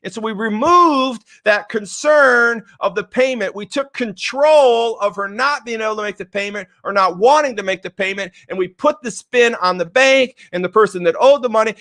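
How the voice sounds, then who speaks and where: A middle-aged man giving a motivational talk, excitable and emotional, repeating phrases for emphasis and swinging from quiet, low stresses to loud, excited bursts. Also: no echo, clean studio sound. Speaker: motivational speaker.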